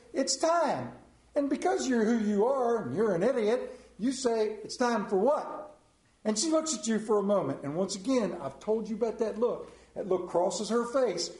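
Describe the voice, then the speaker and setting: A man's voice: high-pitched, darkish tone, reverberant, low-quality recording. A middle-aged man preaching a sermon as a folksy, joking storyteller.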